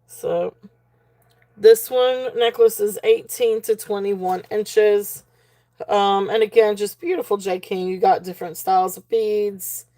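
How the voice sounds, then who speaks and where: A woman's voice: mid-range voice, fairly even intonation, takes it slowly, warm tone. Chatty woman hosting an auction. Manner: chatty, rambling, many fillers and restarts, reads chat aloud. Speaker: livestream auction host. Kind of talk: casual live-stream selling chat.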